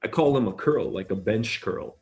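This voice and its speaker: A man's voice: lowish voice, lively intonation, normal speed, darkish tone, slightly rough, soft background music. A man hosting his own casual news commentary show, rambling and swearing with a swaggering, loose manner. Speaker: host.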